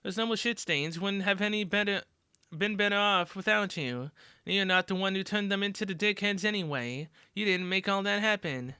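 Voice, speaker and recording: A woman voicing a gruff, blunt teen girl fighter. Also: mid-range voice, moderate pace, sharp tone, dry recording, clean studio sound, close to an everyday voice. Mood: earnest. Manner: blunt and crude, casual swearing.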